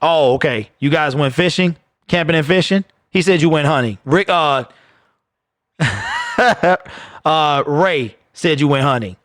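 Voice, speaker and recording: Hosting a football watch party live, this man jokes around and chats casually with his viewers. His voice is a little high and fairly bright, with lively intonation and a measured pace.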